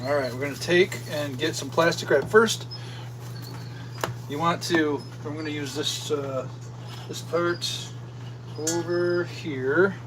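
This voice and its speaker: A man co-hosting a cooking stream, calmly explaining each step as he cooks. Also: on the high side, slow, long pauses, noisy background. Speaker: cook, co-host. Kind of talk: casual cooking demonstration.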